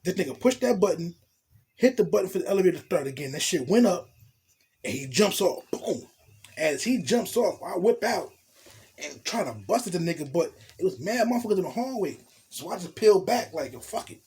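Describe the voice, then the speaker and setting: Raspy, slightly high-voiced man; blunt, profane, animated street storyteller. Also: a little fast. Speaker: storytelling vlogger. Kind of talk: casual storytime monologue.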